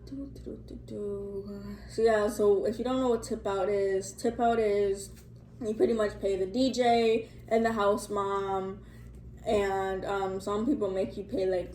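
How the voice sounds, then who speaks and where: Her mid-range, darkish voice carries this chatty storytime vlog, filmed on her phone in an echoey room with faint ambience and slight background noise. The young vlogger wanders from point to point, leaning on fillers and dropping the odd curse word.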